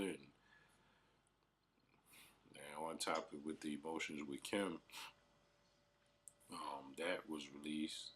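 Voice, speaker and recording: A man in his late twenties or thirties recounts his music struggles in a loose, rambling podcast monologue. His voice sits extremely low and has a husky edge. He leans on slang and fillers as he talks. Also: steady tone, takes it slowly, pauses often, fairly bright tone. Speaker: aspiring rapper and podcast host. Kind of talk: casual storytelling monologue.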